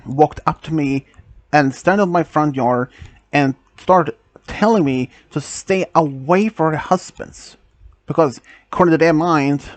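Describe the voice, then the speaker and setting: A man casually narrating a first-person story, halting and restarting often, with non-native phrasing. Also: on the high side, dry recording.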